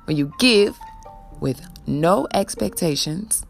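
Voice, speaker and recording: A woman's voice: on the low side, animated, slow pace, creaky, soft background music. A woman giving a preachy spiritual pep talk, ending most sentences with a questioning "ah?" and sighing now and then. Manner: sighs before blowing love. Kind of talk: motivational spiritual talk to camera.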